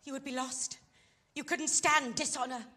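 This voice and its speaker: A woman's voice: sits high, steady tone, moderate pace, pushed and bright. An actress playing a fallen society woman who pleads urgently and with passion in a stage play scene. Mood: pleading. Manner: impassioned, pleading.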